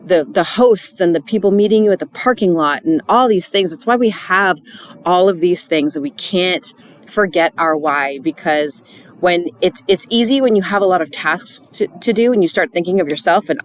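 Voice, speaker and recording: A woman's voice: lowish voice, normal speed. A middle-aged woman speaking to church volunteers in an earnest, chatty devotional talk, with many fillers and restarts.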